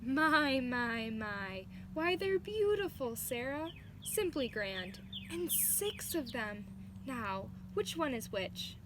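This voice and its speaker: A kindly big tomcat father with hearty, booming exclamations, put on by a woman reading a storybook. He speaks slowly and warmly to his kittens. A clear noisy hiss sits under the recording. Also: lightly acted. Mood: delighted.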